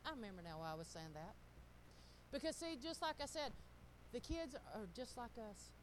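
Lively woman preaching casually. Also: fairly high pitch, moderate pace, a little hiss or hum, low-quality recording. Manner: animated, laughing, talks straight to the congregation. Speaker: pastor's wife. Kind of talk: casual sermon storytelling.

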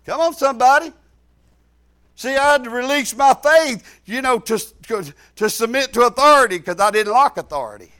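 A male pastor preaching a sermon in a folksy way, swinging between shouted lines and low asides. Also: expressive, normal speed, clean tone. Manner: folksy, rising to shouts then dropping low.

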